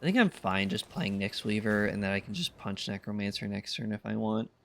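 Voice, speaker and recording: A man's voice: fairly low pitch, animated, fairly quick, creaky, fairly bright tone, a little hiss or hum. A tired man giving casual, laid-back gameplay commentary, thinking aloud with a wry tone. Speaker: gaming content creator.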